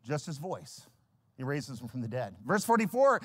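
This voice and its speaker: Animated preacher with wide pitch swings. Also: male voice, normal speed. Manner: animated, swings from hushed to shouting when quoting scripture; storytelling, acts out biblical characters with humor. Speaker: pastor. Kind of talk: sermon.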